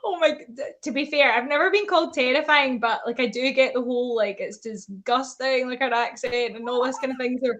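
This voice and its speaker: A woman's voice: high-pitched, a little fast, hardly any pauses, a bit bright. A woman chatting casually on a video call, telling stories with lots of giggles. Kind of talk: casual chat.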